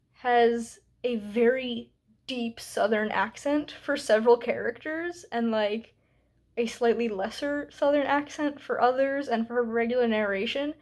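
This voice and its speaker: Young female book vlogger, slightly high-pitched, candid and chatty with lots of fillers. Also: darkish tone. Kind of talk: casual book review vlog.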